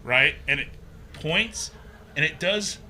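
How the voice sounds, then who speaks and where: A man guest on a podcast, telling a personal story in a casual, animated way, acting out the voices he quotes and using plenty of fillers. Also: a little high, slow pace, slight background noise. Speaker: podcast guest, haunted maze builder.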